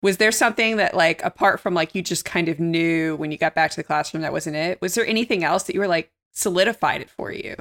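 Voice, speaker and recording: A woman hosting a podcast speaks in a very low voice with a gravelly fry. She asks friendly, rambling questions padded with fillers. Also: fast, few pauses, fairly bright tone. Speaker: podcast host. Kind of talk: casual interview chat.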